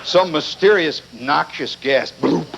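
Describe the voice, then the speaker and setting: Wry high-voiced man telling stories live. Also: animated, moderate pace, background noise. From Indiana, USA. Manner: wry, digressive, mock-indignant. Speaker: storyteller performing for a live audience. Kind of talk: live humorous monologue. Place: live venue with an audience. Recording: muffled 1970s live recording.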